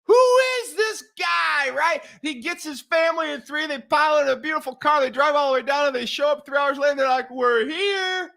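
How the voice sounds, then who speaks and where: Upbeat man, high bright voice, storytelling host type. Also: fast, vocal fry, hardly any pauses. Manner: animated storyteller, acts out quoted dialogue. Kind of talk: energetic show introduction.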